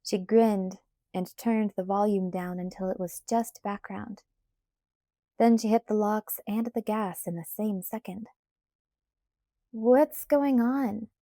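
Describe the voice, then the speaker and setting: Mellow-voiced woman reading a novel aloud. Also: mid-range voice, fairly even intonation, unhurried, no echo, clean studio sound. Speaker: audiobook narrator. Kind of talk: first-person novel read-aloud.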